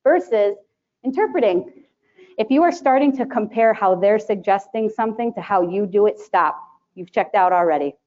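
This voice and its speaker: Animated woman presenter, dull lo-fi sound. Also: medium pitch, moderate pace. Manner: animated, chatty, laughs often, acts out quotes. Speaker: conference presenter, sterile processing educator. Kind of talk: live presentation to an audience. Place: conference room with a live audience.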